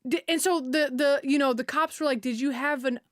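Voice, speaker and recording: A woman's voice: high voice, steady tone, fairly quick, no echo, clean studio sound. A young woman streamer retelling a story in casual, slangy chat, full of fillers and outbursts.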